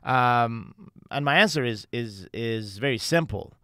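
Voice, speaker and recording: Guy coaching on a podcast, bright crisp voice, fired up and swearing a lot. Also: mid-range voice, animated, measured pace, no room sound, studio quality. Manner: intense, emphatic, heavy swearing. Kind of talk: candid podcast conversation.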